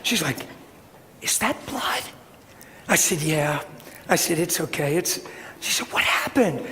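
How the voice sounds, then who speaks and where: Preacher guy telling a story, high voice, gets loud n shouty, big hall echo. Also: normal speed. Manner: animated, acts out voices, builds to shouting. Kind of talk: storytelling sermon. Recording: hall reverb with faint noise.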